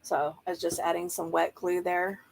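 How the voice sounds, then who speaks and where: A woman's voice: fairly low pitch, level tone, moderate pace, creaky, low-quality recording. A woman chatting casually while she works on a craft project, thinking aloud and explaining each step as she goes. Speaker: journaling crafter. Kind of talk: casual craft tutorial chat.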